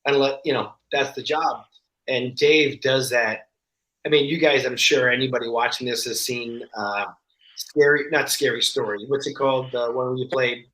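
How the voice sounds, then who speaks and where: A man talking as a podcast guest in casual chat, telling stories in an animated way and acting out the voices of the people in them. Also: mid-range voice, normal speed. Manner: animated storyteller, acts out quoted voices. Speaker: guest actor. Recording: roomy echo.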